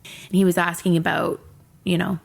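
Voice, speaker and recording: A woman's voice: lowish voice, level tone, normal speed, gravelly. A young woman hosting a podcast, telling a personal story candidly and emotionally, swearing freely. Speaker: podcast host.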